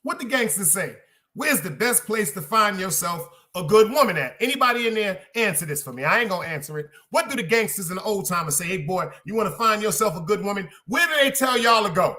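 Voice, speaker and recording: A man hosting a podcast, preaching loudly and with a lot of swearing, and putting questions to his listeners. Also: high voice, very animated, fairly quick. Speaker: podcast host. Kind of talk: casual preaching monologue to a live chat.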